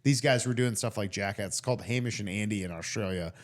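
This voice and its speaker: A man with a fairly low voice chats casually on a podcast. He tells long, meandering stories and often cuts himself off to start again. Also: quick pace. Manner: rambling storyteller, self-interrupting. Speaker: podcast co-host. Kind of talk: casual chat.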